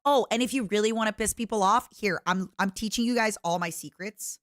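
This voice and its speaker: A woman's voice: medium pitch, a little fast, fairly bright tone, dry recording, studio quality. A woman from Eastern Europe streaming, chatting playfully with her chat and often breaking into giggles. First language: French-schooled, non-native English.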